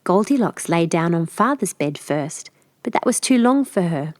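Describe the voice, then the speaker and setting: Female storyteller, clear measured fairy-tale reading, dry close sound. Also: lowish voice, lively intonation, darkish tone, dry recording. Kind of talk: storybook narration for learners.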